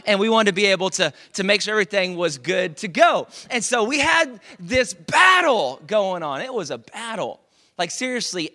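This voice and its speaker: A man preaching into a handheld mic in a storytelling sermon, talking emphatically and building to loud peaks. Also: high-pitched. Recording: long reverb of a large hall.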